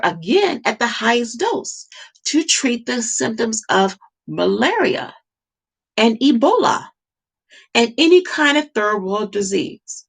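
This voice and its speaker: A woman's voice: on the high side, creaky, husky. A woman talking to camera in an impassioned monologue, emphatic and repetitive, firing off rhetorical questions. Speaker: vlogger.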